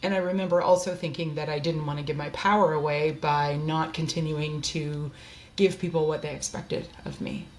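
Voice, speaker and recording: A woman's voice: low-pitched, fairly even intonation, moderate pace, a little mellow, a little hiss or hum. A woman hosting a candid personal monologue from her desk, speaking in an earnest, open and heartfelt way. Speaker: host.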